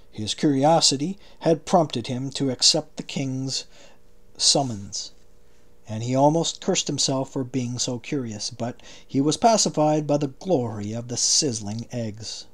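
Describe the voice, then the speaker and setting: A man narrating an audiobook in a steady, measured way. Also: medium pitch. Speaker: audiobook reader.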